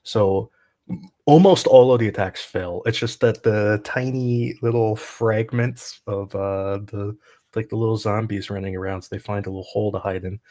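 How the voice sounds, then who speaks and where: A man's voice: lowish voice, moderate pace, dark tone. A man who is a guest analyst on a livestream, explaining things casually and using "like" often.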